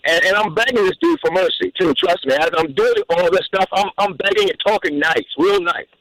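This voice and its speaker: A man calling in to a radio show, telling a personal story in an animated way, with repeated words and restarts. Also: high-pitched, brisk, poor audio. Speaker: caller.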